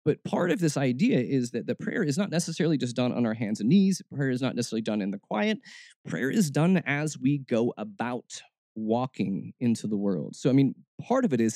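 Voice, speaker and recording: A man's voice: mid-range voice, sing-song, a little fast, dark tone, dry recording, clean studio sound. A man hosting a faith podcast, talking in a casual, reflective way and often restarting his words. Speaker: podcast host.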